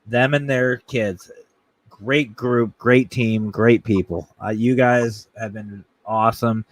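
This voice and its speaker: A man hosting a casual talk show, telling a funny story in an animated, jokey way and acting out voices. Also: medium pitch, slow pace, dry recording. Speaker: podcast host.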